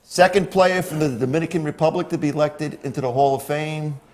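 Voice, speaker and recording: Higher-voiced man reading sports stats. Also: steady tone, a little mellow. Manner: reads out stats, quick to laugh, chimes in with short replies. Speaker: sports show co-host. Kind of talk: casual sports chat.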